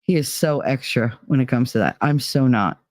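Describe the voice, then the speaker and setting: A woman's voice: a bass voice, normal speed, a little mellow, dry recording, studio quality. A woman hosting a podcast, telling a personal story in a frank, profane way and acting out the voices of the people she quotes. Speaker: podcast host.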